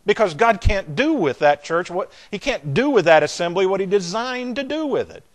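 An older man with a Southern American drawl delivers a sermon. His voice sits a little high, and he stretches and repeats words, swelling louder on the points he wants to drive home. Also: big pitch swings. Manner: emphatic, drawn-out delivery that swells in loudness on key words. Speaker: preacher.

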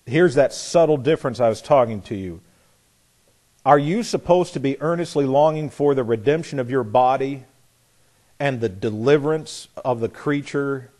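A man's voice: medium pitch, expressive, measured pace, darkish tone. A man preaching a sermon in an earnest, emphatic way, asking rhetorical questions and often restarting his phrases.

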